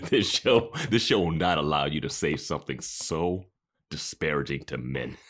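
A man's voice: extremely low pitch, expressive, a little slow, a bit bright. A man co-hosting a podcast in casual chat, laughing often and joking. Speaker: podcast co-host.

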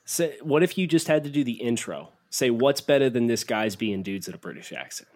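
A man's voice: medium pitch, animated, brisk, darkish tone. A man co-hosting a casual sports podcast, reading listener takes and teasing his co-host.

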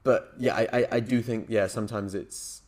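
A man's voice: on the low side, steady tone, normal speed, darkish tone. A man co-hosting a casual podcast discussion, thinking aloud with many hedges and fillers. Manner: thoughtful, hedging, frequent "like" and "um". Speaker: podcast co-host.

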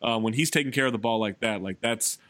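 A man co-hosting a sports podcast in casual chat, animated and getting loud when excited. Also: medium pitch, fast talker, dry recording. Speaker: podcast co-host.

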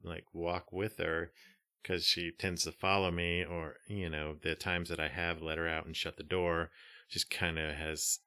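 A man's voice: deep voice, little pitch movement, a little slow, pushed and bright. A man co-hosting a casual chat podcast, laid-back and dry, with short replies. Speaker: podcast co-host.

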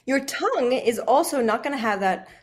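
A woman's voice: a little high, expressive, moderate pace, husky. A woman with an American accent coaching accents, encouraging and full of fillers like "um". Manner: encouraging, many fillers, laughs often. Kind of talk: coaching lesson conversation.

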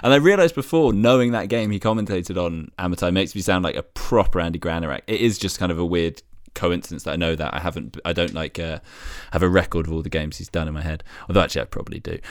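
A man chatting casually on a football podcast in animated, quick bursts. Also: low voice, no echo. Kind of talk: casual chat.

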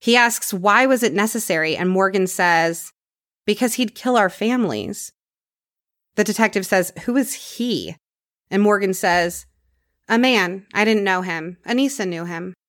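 A woman's voice: mid-range voice, lively intonation, measured pace, fairly bright tone, dry recording, clean studio sound. A woman hosting a podcast, telling a true crime story in a casual conversational way and dropping her voice for grim details.

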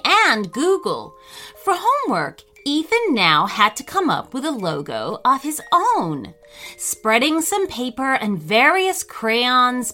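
A woman narrating a children's storybook in a gentle, expressive and unhurried way. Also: fairly high pitch.

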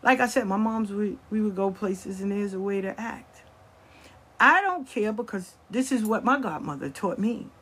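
A woman's voice: medium pitch, animated, normal speed, a bit bright, breathy edge. A middle-aged woman telling stories from her life in blunt, profane casual talk, acting out the voices of the people she quotes. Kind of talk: casual storytelling.

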